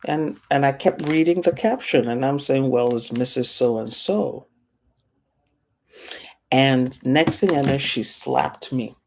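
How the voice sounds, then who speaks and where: A middle-aged woman from Africa teaches a class through a personal story. Her voice is gravelly, dark and mellow, and she acts out the voices of the people she quotes. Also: rumbling low, unhurried, few pauses.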